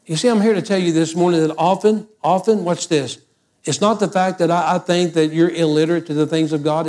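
High-voiced man preaching with force. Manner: emphatic, rising to loud pitched exhortation. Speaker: pastor. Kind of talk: sermon.

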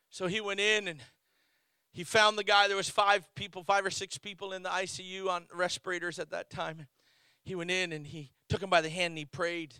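A man's voice: high voice, bright, forceful tone, smooth, no echo. A man preaching a storytelling sermon as a missionary, with frequent restarts and exclamations. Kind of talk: Pentecostal-style sermon.

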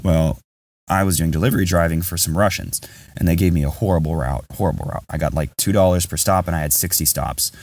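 A man's voice: low-pitched, fast talker, a little mellow, recorded from a distance. A man hosting a podcast, telling a candid, rambling story in casual chat. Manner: rambling, candid, says "bro" a lot. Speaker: podcast host.

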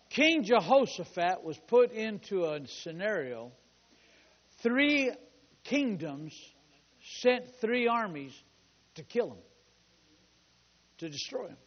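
A man preaching a sermon as pastor, fervent, with shouted declarations and call-and-response. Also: high voice, very animated, slow, pauses often. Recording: long hall reverb, dull lo-fi sound.

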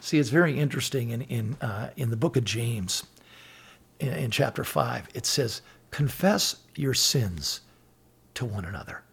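A man's voice: medium pitch, lively intonation, a little slow, creaky, fairly bright tone, slightly rough. A middle-aged man on a faith talk show, earnestly telling personal stories, quoting scripture and acting out the dialogue of others. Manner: earnest storytelling, quotes scripture and acts out dialogue. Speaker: podcast guest sharing faith stories.

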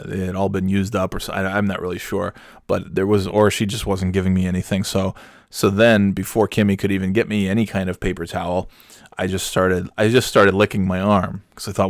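A man's voice: low-pitched, level tone, brisk, no echo, studio quality. A man hosting his own podcast who tells stories in a rambling, self-mocking way and swears casually. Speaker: podcast host. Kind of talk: casual comedic storytelling.

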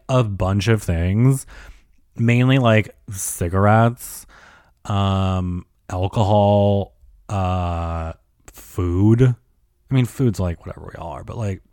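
A man's voice: on the low side, a little mellow, dry recording, studio quality. A young man rambling through a story in a casual monologue, filling nearly every phrase with "like", swearing often and getting worked up. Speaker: storyteller recounting a night out.

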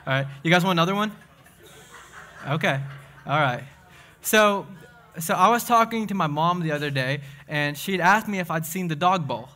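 Bright and high-pitched, this young adult preacher from Tennessee talks fast and eagerly, poking fun at himself as he jokes his way through a laid-back sermon. He speaks with a speech impediment.

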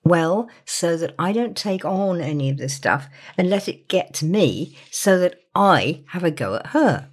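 Woman coach talking softly and earnestly, lowish voice, goes almost whispery on the big points. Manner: gentle, earnest, slows and softens into near-whispers for emphasis. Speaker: therapist or coach. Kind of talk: reflective monologue about a client session.

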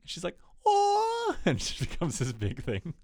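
A man co-hosting a podcast, chatting casually about TV shows and acting out scenes in quick put-on voices. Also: mid-range voice, animated, slightly rough. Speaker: podcast co-host.

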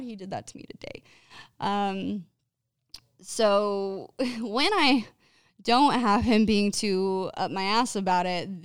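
Lowish smooth-voiced woman, casual self-care chat, swears a lot, laughs at herself, dry close sound. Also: no room sound. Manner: candid, swears freely, laughs often; chatty and self-deprecating. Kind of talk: casual advice talk.

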